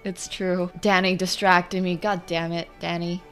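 A woman streaming her online chess games, talking through the moves and swinging from quiet muttering to loud outbursts. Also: fairly low pitch, flat delivery, measured pace, clear, resonant tone, soft background music. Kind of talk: live commentary while playing online chess.

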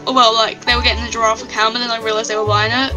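A woman's voice: fairly high pitch, little pitch movement, racing, music in the background, poor audio. A woman live-streaming a game, chatting casually and giggling as she reads out her chat.

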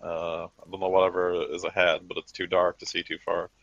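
Guy playing a polite lady train driver soldier, low voice, muffled sound. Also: monotone, brisk, creaky, fairly bright tone, no echo. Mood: reporting.

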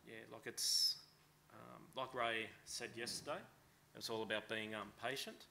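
A man presenting at a conference in a relaxed way, with lots of fillers. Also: mid-range voice, a little slow, gravelly, a little hiss or hum. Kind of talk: casual conference talk.

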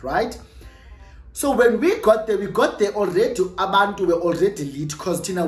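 A young adult YouTuber with a South African accent, telling a storytime in an animated, gossipy way and dropping in Xhosa phrases and tag questions. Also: medium pitch. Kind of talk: storytime vlog. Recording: roomy echo with faint music.

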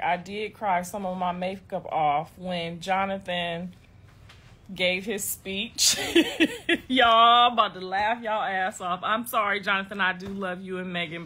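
A woman in her thirties from Ohio tells a story in a loose, chatty way. Her voice is bright and sharp, and she laughs a lot and swears freely. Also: lowish voice. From Ohio, United States. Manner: animated, profane, laughs often. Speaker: vlogger. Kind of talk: casual storytelling.

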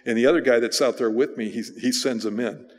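A male pastor preaching, telling a personal story in a relaxed, conversational way with fillers and restarts. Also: mid-range voice, fast talker. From United States. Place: church sanctuary. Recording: church sanctuary reverb.

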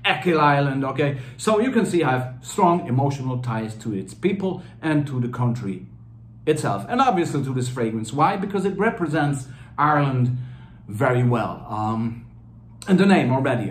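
A man talks through a fragrance review in a loose, rambling way, stopping and restarting often. His voice sits at an ordinary pitch. The room around him rings with noticeable echo. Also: expressive, moderate pace. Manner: rambling, chatty, frequent fillers and restarts. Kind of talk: casual video review. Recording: roomy echo.

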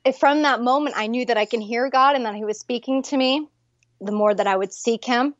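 A woman in her thirties or forties, a guest sharing her faith testimony in an animated, earnest chat. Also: on the high side, brisk, no room sound, dull audio.

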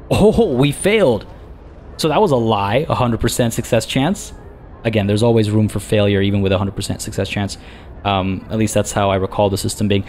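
A man's voice: lowish voice, darkish tone, slight background noise. A man giving casual gameplay commentary, chatty and thinking aloud as he plays. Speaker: let's play gamer.

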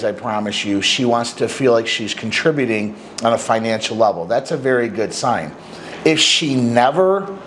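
A man's voice: mid-range voice, slight background noise, poor audio. A middle-aged man, a dating coach, giving blunt, emphatic advice to men straight to the camera and acting out little bits of dialogue. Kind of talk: direct-to-camera advice talk.

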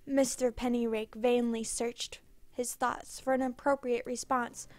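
A woman narrating a scripted story in a measured, dramatic reading. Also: on the high side, flat delivery, no echo.

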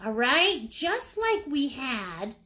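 A woman's voice: sits high, big pitch swings, slow pace, bright, forceful tone. Bubbly woman teaching a paint-along. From Maine, United States. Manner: playful, chatty, pet names and silly sound words. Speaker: painting instructor. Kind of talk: live-streamed paint-along class.

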